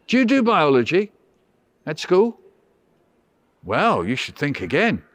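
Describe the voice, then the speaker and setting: Running a children's school workshop by video call, a man tells playful stories and teases the kids with theatrical mock huffiness. His voice is on the high side with wildly swooping pitch, a measured pace, and a dry recording.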